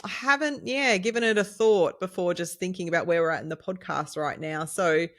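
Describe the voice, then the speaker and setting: A woman's voice: fairly low pitch, brisk, fairly bright tone. A woman co-hosting a nutrition podcast, chatting in an encouraging way and laughing often. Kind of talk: casual chat.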